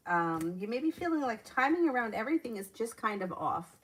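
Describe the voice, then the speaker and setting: A woman's voice: a little high, very animated, brisk, a bit bright, slight background noise. A woman reading viewers' questions aloud and answering them as a tarot reader on a live stream, chatting and laughing between readings.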